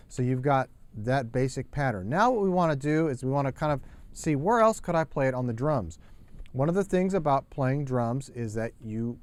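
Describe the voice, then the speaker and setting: Man, drum teacher, patient step-by-step explanation, counts sticking aloud, mid-range pitch. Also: darkish tone. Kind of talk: instructional lesson.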